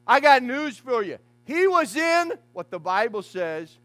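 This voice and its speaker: A man preaching a fiery funeral sermon as pastor in a church, swinging from hushed asides to shouted lines. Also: extremely high pitch, big pitch swings, a little slow, hardly any pauses, faint music behind.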